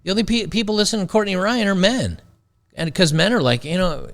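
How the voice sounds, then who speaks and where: Gravelly, blunt sarcastic male host. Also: sits high, a little fast. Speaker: show host. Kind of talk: commentary reacting to a video clip.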